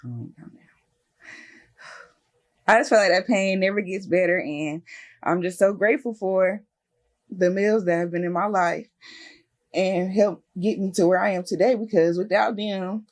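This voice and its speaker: A woman's voice: medium pitch, a little slow, pauses often. A woman co-hosting a podcast, talking candidly and at length in casual chat. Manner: candid, emotional, talks at length. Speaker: podcast co-host.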